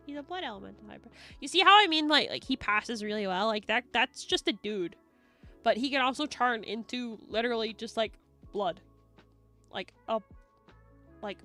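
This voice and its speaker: Bright, excitable woman streamer. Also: medium pitch. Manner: rambling, excitable, swears and giggles often. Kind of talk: casual stream chat.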